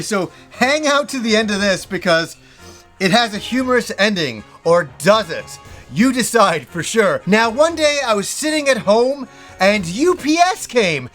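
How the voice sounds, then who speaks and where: A high-pitched man hosts a casual vlog and tells a story in an animated way. He acts out his own past reactions as he goes. Soft music plays faintly behind him. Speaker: host.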